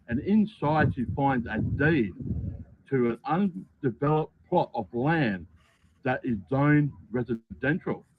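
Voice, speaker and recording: A man with an Australian accent telling short deadpan jokes in a played video clip. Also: mid-range voice, a little hiss or hum. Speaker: joke teller in played clips. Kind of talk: short comedic video bits. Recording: tinny phone-like clip audio.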